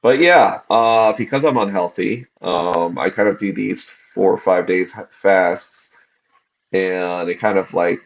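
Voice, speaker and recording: Worn down by fasting, a man in his forties hosts a livestreamed podcast, rambling loosely with plenty of swearing and filler words. He speaks low with vocal fry, and the recording sounds muffled.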